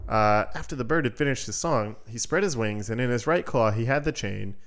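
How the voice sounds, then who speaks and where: A man's voice: mid-range voice, a little fast, a bit bright. A man hosting a podcast who reads a fairy tale aloud in a casual, playful way and adds joking asides. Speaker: podcast host.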